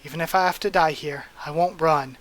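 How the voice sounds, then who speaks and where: A man's voice: on the high side, brisk, a bit bright, close to an everyday voice. A man reading as a defiant young soldier. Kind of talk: manga readthrough.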